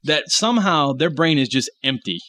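Man with a bright, forward tone who rants loosely and swears freely in a casual chat. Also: a little high, expressive, normal speed, no room sound. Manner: opinionated, ranting, profane.

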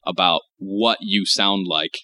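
A man's voice: sits low, slow pace, bright, forceful tone, no echo. An American man rambling in casual chat, curious and full of fillers. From United States.

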